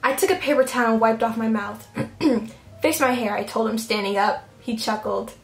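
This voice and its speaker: A woman's voice: fairly high pitch, fairly even intonation, normal speed. A young woman reading fan fiction aloud on her video channel, breaking off for giggly, mock-outraged comments. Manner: giggly, mock-outraged asides between read passages. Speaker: YouTuber. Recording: roomy echo, faint background noise.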